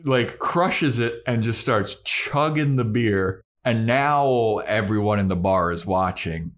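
A young man on a casual podcast, retelling a story with animated energy and frequent laughter, jumping into voices as he goes. His voice sits fairly low. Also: takes it slowly. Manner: animated storytelling, laughs often, acts out scenes. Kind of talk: casual recap chat.

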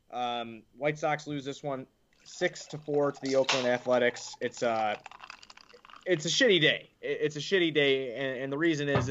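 A man's voice: medium pitch, a bit bright, lo-fi sound, a little hiss or hum. A man hosting a casual sports podcast, talking loosely and frankly and swearing now and then. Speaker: podcast host.

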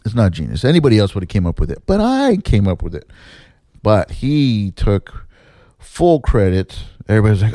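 A man casually telling a story about his theater days, swearing and jumping up in pitch to mimic people. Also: normal speed, dry recording, studio quality. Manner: animated, swears, mimics others in pitched-up quotes. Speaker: former assistant stage manager telling a story.

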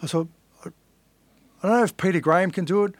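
A man with a fairly high voice tells his story in an earnest, blunt and candid way, swearing now and then. His voice sounds close and dry, with no room sound. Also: moderate pace, dry recording. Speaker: guest, fighter. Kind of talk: casual storytelling interview.

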